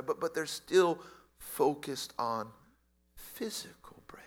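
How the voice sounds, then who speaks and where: A man preaching a sermon, emphatic and repetitive, dropping from loud stress to a near-whisper. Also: a little high, expressive, slow. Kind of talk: expository sermon.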